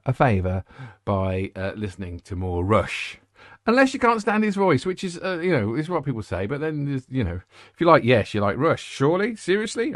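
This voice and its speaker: Rambling, jokey music host. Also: male voice, fairly low pitch, no echo, clean studio sound. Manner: rambling, jokey, self-interrupting. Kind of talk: casual chat.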